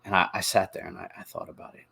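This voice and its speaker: Man, podcast host, husky gravelly voice, earnest halting confessional delivery. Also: sits low, level tone, bright, forceful tone. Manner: earnest, halting, with repeated words and restarts. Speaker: podcast host telling his recovery story. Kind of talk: confessional personal narration.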